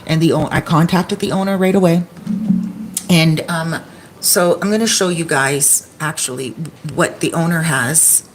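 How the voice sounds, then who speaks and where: A woman's voice: sits low, unhurried, slight background noise. A woman who rents out apartments, telling a story to her phone camera in a casual vlog at home, often quoting people with "he's like.". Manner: chatty, quotes others with "he's like". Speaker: Airbnb host and vlogger.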